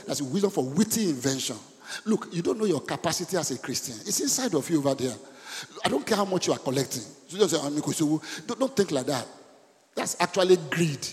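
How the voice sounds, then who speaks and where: A middle-aged man, preaching a sermon in animated bursts and asking the congregation questions. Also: fast. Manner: animated preaching with sudden high bursts and call-and-response questions. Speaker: pastor. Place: church hall. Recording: church hall with long reverb.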